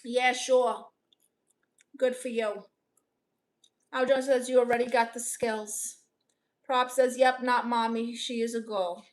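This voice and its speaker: A young woman from Brooklyn reading out her chat on a casual livestream, dry, deadpan and sarcastic. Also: on the high side, slow, long pauses. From Brooklyn, New York. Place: home in Los Angeles.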